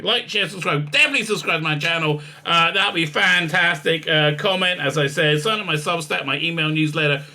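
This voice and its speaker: A man's voice: on the high side, pushed and bright. A man rambling through a casual, sarcastic review recap, full of filler sounds and digressions. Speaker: YouTube reviewer.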